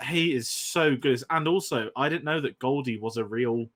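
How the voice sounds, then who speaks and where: A man's voice: mid-range voice, moderate pace, fairly bright tone. A man co-hosting a casual film podcast, with a rambling, self-deprecating manner and frequent laughs. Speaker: podcast co-host.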